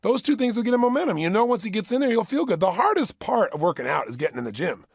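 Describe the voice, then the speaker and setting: A man's voice: sits high, very animated, quick pace, breathy edge, dry recording. A middle-aged man giving a motivational talk, emphatic and repeating phrases for effect, recorded close in a studio. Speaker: motivational speaker. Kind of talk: motivational audio program.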